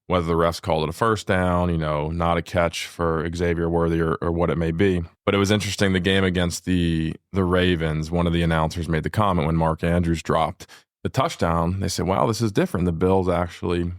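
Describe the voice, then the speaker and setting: A young adult man co-hosting a family podcast, talking through the game in a measured, analytical way, like a sports announcer. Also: low voice, flat delivery, no room sound, clean studio sound. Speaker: podcast co-host. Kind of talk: casual family podcast chat.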